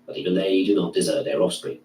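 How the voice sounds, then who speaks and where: A man reading a classical philosophy text aloud in a measured, declaiming way. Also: low-pitched, fairly even intonation, dark tone. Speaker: reader. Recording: echoey room, distant mic, faint hum.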